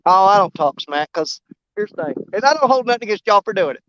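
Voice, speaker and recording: He's a fast-talking man with a high pitch, lively intonation, and a slightly bright sound, hosting a relaxed fishing stream from a riverbank. He wanders from topic to topic and greets viewers by name, all captured in lo-fi audio with a bit of hiss or hum.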